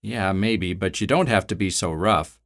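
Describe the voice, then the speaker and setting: A man with a low voice playing a young male kidnapper who talks in a calm, placating way. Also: normal speed. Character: calmer young male kidnapper, uneasy about the violence.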